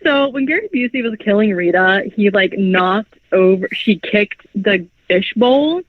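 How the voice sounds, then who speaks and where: A man hosting a podcast, recapping a film in casual, rambling chat and acting out lines in quick voices. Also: high voice, animated, no room sound. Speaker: podcast host. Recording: dull lo-fi podcast audio.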